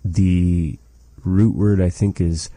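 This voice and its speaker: A man teaching a language lesson, slowly and patiently repeating words for a learner. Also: low voice, fairly even intonation, mellow, no room sound, low-quality recording.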